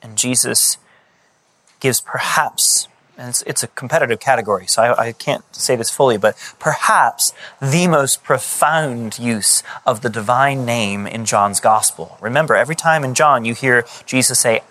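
Man preaching an animated sermon. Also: mid-range voice, normal speed. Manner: animated, retelling scripture in conversational paraphrase.

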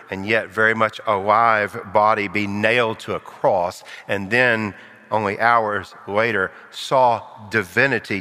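An older man preaching a sermon, acting out quoted voices and sinking to a hush for solemn lines. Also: fairly low pitch, big-room sound.

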